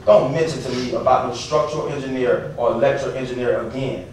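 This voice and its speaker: A man's voice: mid-range voice, fairly quick. A young pastor pleads his case with rising passion and indignation. His voice is caught from a distance, bouncing around a very echoey council chamber. A faint hiss runs underneath. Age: 30s. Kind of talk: public comment at council meeting. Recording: echoey room from far off with faint noise.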